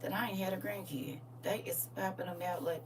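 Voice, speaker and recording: A woman's voice: fairly low pitch, steady tone, brisk. A middle-aged woman at home, casually chatting with her livestream viewers. She greets them by name and laughs often. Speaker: livestream host. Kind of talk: casual morning livestream chat. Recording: slightly distant mic with faint hum.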